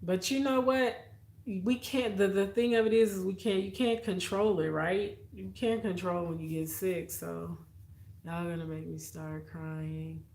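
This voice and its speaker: A woman's voice: medium pitch, moderate pace, gravelly, darkish tone, echoey room. A woman hosting a casual livestream, chatty and heartfelt, talking straight to her viewers. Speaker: livestream host. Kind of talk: casual live-stream chat with viewers.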